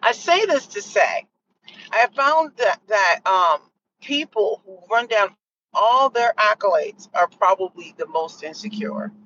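A middle-aged woman hosting a podcast, telling a story in a casual, animated way and acting out what others said. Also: medium pitch, measured pace. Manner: animated, acts out others' lines with laughs. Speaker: podcast host. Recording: distant muffled mic with faint noise.

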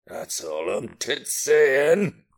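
A man in an amateur radio comedy sketch, playing a gruff local with a put-on northern English accent and clipped, drawling words. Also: mid-range voice, very animated, drawn-out words, full character voice. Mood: blunt.

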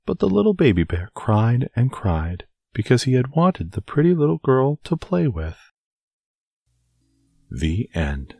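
A man narrating a bedtime fairy tale in an expressive, soothing read-aloud manner. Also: sits low, vocal fry. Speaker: storyteller.

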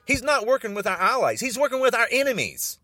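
A man's voice: very high-pitched, big pitch swings, fast, sharp tone, no echo, studio quality. An older man in an angry, agitated political rant, repeating himself and stumbling over restarts.

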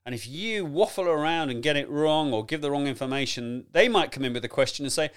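A man coaching on presentation skills in a chatty, animated teaching talk, addressing the listener directly and laughing often. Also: on the high side, brisk, hardly any pauses, clean tone.

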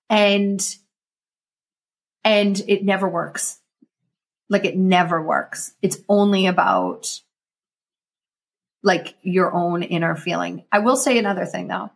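Husky, upbeat woman coach. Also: on the low side. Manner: energetic, motivational, quick bursts. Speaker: guest, emotional intelligence coach. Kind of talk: casual interview chat.

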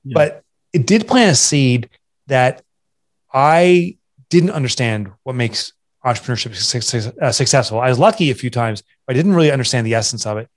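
A man's voice: mid-range voice, expressive, normal speed. A man in his forties, a guest entrepreneur and author, telling his story candidly in an interview, earnest and at times choked up. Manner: earnest, confessional, restarts often. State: emotional, voice catching.

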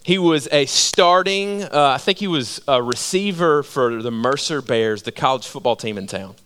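A male pastor preaching a sermon, telling stories in an animated way and asking many rhetorical questions. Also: mid-range voice, moderate pace, a little hiss or hum.

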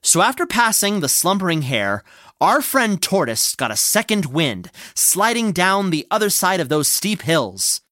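Bright, slow-paced storyteller with a lively voice. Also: medium pitch, no room sound, studio quality. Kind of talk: storytelling with banter.

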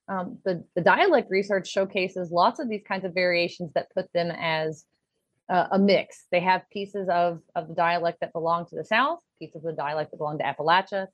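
A woman explains things with enthusiasm as a guest in an interview. Her voice sits a bit low, and it comes through a slightly muffled, dull video call line with a dry sound. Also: no echo. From Louisville, Kentucky. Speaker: linguistics professor, guest. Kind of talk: interview answers.

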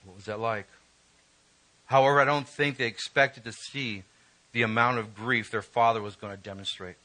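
A male preacher giving an emotional, emphatic sermon, reading scripture and rising in pitch when stirred. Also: fairly even intonation, normal speed, bright, forceful tone, poor audio.

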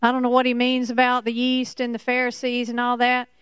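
A woman preaching a Bible sermon, slow and emphatic, repeating key points. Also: a little high, completely flat delivery, fairly bright tone, clean tone, no echo. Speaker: Bible teacher.

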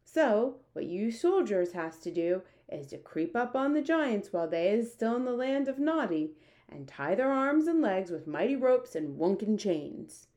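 A woman's voice: mid-range voice, unhurried, pitched above the performer's own voice. A woman voicing a big friendly male giant who mangles his words, eager and muddled. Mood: excited. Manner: eager, muddled speech, lively.

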